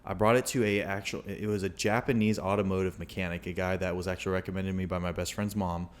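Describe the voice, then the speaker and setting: A man's voice: sits low, quick pace. A young man co-hosting a podcast, telling a long story in casual chat with lots of restarts. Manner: rambling, animated storytelling with frequent restarts. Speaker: podcast co-host.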